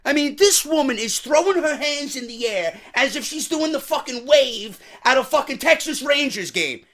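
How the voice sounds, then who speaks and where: A man's voice: very high voice, animated, moderate pace, a bit bright. A man with a New York accent, hosting a wrestling review show in a profane, exasperated rant. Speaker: wrestling podcast host.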